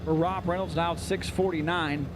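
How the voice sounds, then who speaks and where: High-voiced man calling drag races. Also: fairly even intonation, background noise. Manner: rapid-fire jokey announcing. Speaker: drag racing announcer. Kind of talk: live race commentary over PA. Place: outdoor racetrack.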